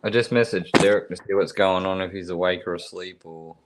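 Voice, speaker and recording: A man's voice: low voice, steady tone, brisk, heavy background noise. A man from Australia with an Australian accent, chatting casually in an easygoing way. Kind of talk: casual chat.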